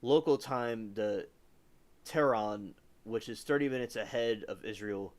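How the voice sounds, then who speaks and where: A man's voice: on the low side, a little slow. A man hosting a livestream, giving casual news commentary in a rambling way and often correcting himself. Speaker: livestream host.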